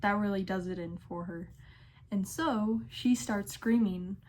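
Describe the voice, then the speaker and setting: A woman's voice: medium pitch, measured pace, a little mellow, a little hiss or hum. A young adult woman, a pharmacy technician, narrating storytime tales in a sassy, exasperated way.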